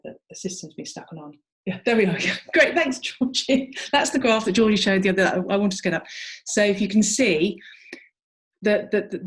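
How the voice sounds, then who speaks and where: A woman therapist giving an informal teaching talk to practitioners, explaining in a conversational way. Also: fairly low pitch.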